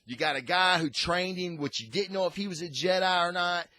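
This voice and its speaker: A man's voice: high-pitched, a little fast, sharp tone, no echo. A man hosting a casual comic book review, rambling and enthusiastic with frequent restarts.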